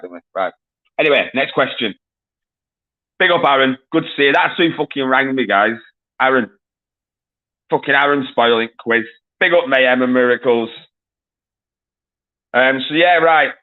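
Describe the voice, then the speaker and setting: A man's voice: medium pitch, phone-quality sound. Swearing, jokey man hosting a quiz. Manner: swears often, jokey, shouts greetings to viewers. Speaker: livestream quiz host. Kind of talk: casual live-stream chat.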